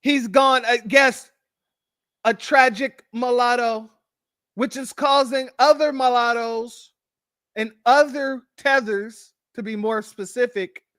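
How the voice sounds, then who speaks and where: American man, very high voice, dry close sound, sarcastic stream commentary. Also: takes it slowly, smooth, no room sound. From United States. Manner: animated, sarcastic, addresses viewers as family. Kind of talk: casual live-stream commentary.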